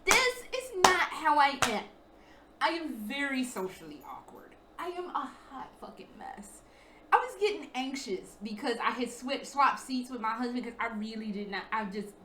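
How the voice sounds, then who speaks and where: A high, bright-voiced young American woman rattles through a profane storytime from her apartment, animated and self-mocking, and acts out the people she quotes. Her voice rings in a roomy, echoey space. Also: slight background noise. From United States. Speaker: vlogger. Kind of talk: casual storytime chat.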